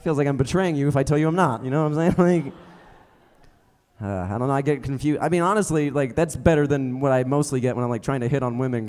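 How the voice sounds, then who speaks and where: A man's voice: medium pitch, darkish tone, in a large hall. A young adult man doing a stand-up comedy set on a theater stage, rambling and self-mocking, with many fillers. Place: theater stage before a live audience.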